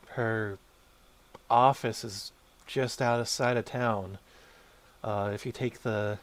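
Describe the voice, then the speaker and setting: A man's voice: mid-range voice, lightly acted. A man voicing a chatty small-town waitress who rambles and restarts as she gives directions.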